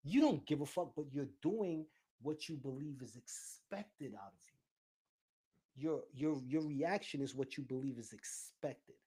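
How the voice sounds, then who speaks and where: A man with a somewhat high voice talks in on a casual chat show. He tells personal stories bluntly and deflects with jokes, slipping into mimicked voices for the people he quotes. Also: expressive, unhurried, warm tone, breathy edge. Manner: blunt, jokey storytelling with put-on quoted voices. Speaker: podcast co-host.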